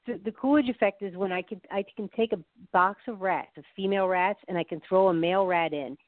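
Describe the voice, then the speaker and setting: A woman with a lowish voice explains love science in a chatty way, laughing often and slipping into little anecdotes. Her voice comes through a narrow phone-like line. The sound is dry, with no room in it. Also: no echo. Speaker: guest expert on the science of love. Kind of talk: casual explanatory interview talk.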